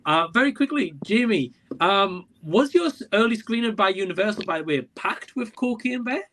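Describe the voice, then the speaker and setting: High-voiced male livestream host. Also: moderate pace, slight background noise. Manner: relaxed, laughs along, reads out comments. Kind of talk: casual livestream chat.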